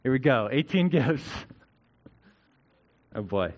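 A man's voice: medium pitch, sing-song, slow, muffled recording. A male pastor giving a conversational sermon, often checking in with "right?" as he teaches.

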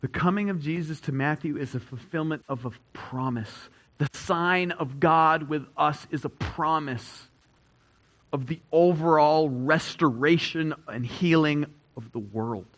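Higher-voiced man preaching with emphasis. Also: measured pace, poor audio. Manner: emphatic, repeats key phrases, swings between loud and hushed. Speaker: pastor. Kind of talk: sermon.

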